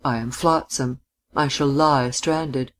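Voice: mid-range voice, steady tone, slow, a bit bright. A reader voicing a cold, ironic young woman. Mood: weary, grave. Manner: contemptuous, then grave and weary. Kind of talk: audiobook reading.

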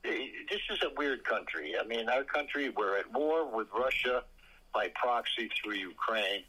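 A man co-hosting a political talk show, speaking haltingly with many fillers and blunt opinions. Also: mid-range voice, lively intonation, pushed and bright, husky, rough recording. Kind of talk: casual political chat.

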